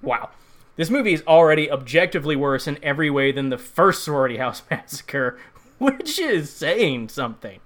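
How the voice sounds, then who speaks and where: A man's voice: fairly high pitch, sing-song, normal speed, a bit bright. A man from the United States giving sarcastic, profane comedic commentary on a bad movie. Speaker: movie reviewer.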